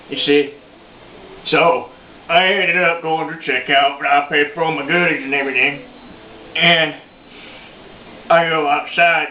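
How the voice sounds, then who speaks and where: In a roomy, dull lo-fi home video, a man with a fairly high, near-everyday voice plays a foul-mouthed, boastful old redneck in his sixties. He tells a rambling, profane story as a comedy monologue, with slight background noise behind him.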